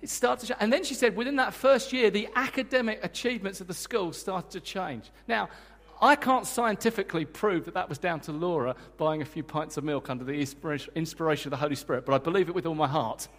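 High-voiced man preaching in a reverberant church. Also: quick pace. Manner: energetic, emphatic, joking with the congregation. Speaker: guest preacher. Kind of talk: sermon. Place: church hall. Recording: long church hall reverb.

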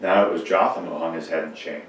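Man, storybook reading, expressive, low pitch, heavy church echo. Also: quick pace, a little hiss or hum. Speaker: reader. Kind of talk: reading a children's story aloud. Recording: echoey church from far off.

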